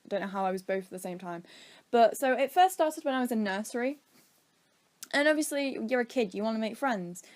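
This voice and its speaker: A woman's voice: on the high side, expressive, a little fast, a little mellow. A young British woman casually telling a rambling story time, acting out quotes from her childhood. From Britain. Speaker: vlogger.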